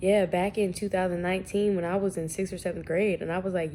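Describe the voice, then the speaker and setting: A woman's voice: lowish voice, flat delivery, fast, few pauses, warm tone, a little hiss or hum. A young woman vlogging in a casual, rambling and slangy way, a little sniffly from allergies. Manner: chatty, rambling, slangy and self-deprecating. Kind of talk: casual vlog chat.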